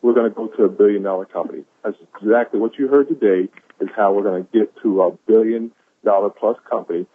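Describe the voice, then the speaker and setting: A fairly low-pitched man speaks quickly, with no echo, through a tinny phone connection. Sharing quotes of the day on a conference call, he delivers a preachy, enthusiastic motivational talk, repeating lines to drive them home.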